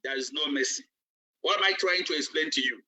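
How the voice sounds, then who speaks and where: A man's voice: a little high, fairly quick, pushed and bright. A man, a business coach giving a preacher-like motivational training, repeating himself emphatically. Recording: distant, dull lo-fi recording.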